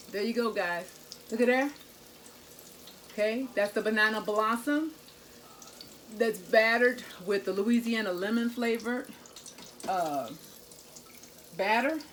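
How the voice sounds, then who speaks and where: A woman's voice: mid-range voice, a little hiss or hum. A woman, chatting with her viewers while she cooks in her home kitchen. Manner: chatty, talks to viewers as "y'all" and "guys". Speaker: cooking vlogger. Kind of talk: casual kitchen vlog.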